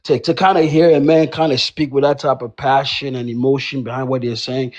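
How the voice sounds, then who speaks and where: A man giving a rebuttal in a live online debate, talking fast, stammering and saying "bro" and "man" constantly. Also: mid-range voice, fairly even intonation. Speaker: debate participant. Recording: dull, lo-fi audio.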